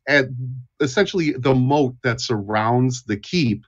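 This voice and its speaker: Brief: male game master, expressive narration, muffled sound. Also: medium pitch, a little slow. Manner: descriptive, with fillers. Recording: dull lo-fi audio.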